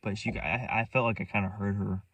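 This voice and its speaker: A man's voice: lowish voice, steady tone, a little fast, fairly bright tone, husky, dry recording, recorded from a distance. A young man rambling through a story from his own life, restarting and repeating himself, set back from the mic. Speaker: vlogger. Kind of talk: casual storytelling.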